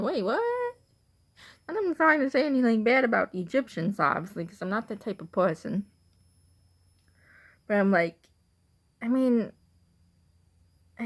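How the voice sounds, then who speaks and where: Young woman, Illinois accent, chatty casual vlogger, rambling and full of fillers. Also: on the low side. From Illinois, USA.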